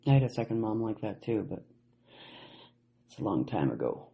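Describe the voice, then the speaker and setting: A man's voice: fairly low pitch, very animated, normal speed, gravelly, muffled recording. A man from Canada co-hosting a casual podcast, blunt and joking, with plenty of swearing. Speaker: podcast co-host. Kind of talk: casual podcast chat, reading quotes.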